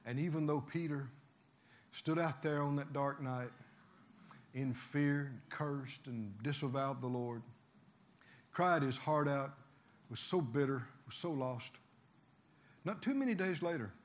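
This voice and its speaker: A man preaching a sermon in a church, telling a story and then rising to loud exhorting with frequent hallelujahs. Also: medium pitch, measured pace, long pauses.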